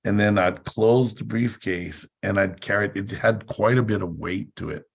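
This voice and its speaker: A man's voice: fairly low pitch, normal speed, gravelly, breathy edge. A man giving a motivational seminar talk, telling chatty anecdotes and laughing often. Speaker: seminar speaker.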